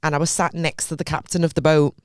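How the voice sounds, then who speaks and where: Podcast co-host: young woman, low smooth voice, dry close sound, animated storyteller. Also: fast, no room sound. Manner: animated storyteller, acts out her own reactions. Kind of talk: casual chat.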